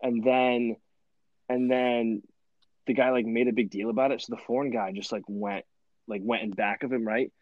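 A young man telling stories in a rambling podcast chat, animated and full of fillers and laughs. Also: mid-range voice, moderate pace, no room sound, highs cut off. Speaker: podcast host. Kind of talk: casual storytelling chat.

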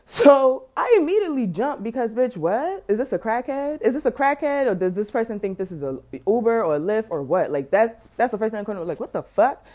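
Lively New woman telling a story. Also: medium pitch, fairly quick, few pauses. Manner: animated, profane, slangy and dramatic. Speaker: podcast host. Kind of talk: casual storytelling.

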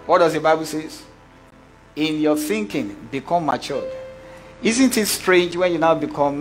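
A middle-aged man preaching a sermon, questioning his congregation and acting out little scenes. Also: fairly high pitch. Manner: animated preacher, asks the congregation questions, acts out voices. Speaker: pastor.

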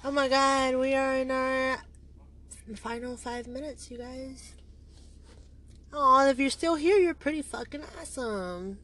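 A woman's voice: high voice, measured pace, a bit bright. A woman co-hosting a casual podcast, chatting loosely with fillers and the odd swear word. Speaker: podcast co-host.

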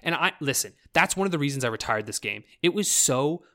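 A man's voice: fairly high pitch, a little fast. Rambling Canadian man chatting about games. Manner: rambling, swearing, animated, breaks into mock voices. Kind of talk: casual chat about video games.

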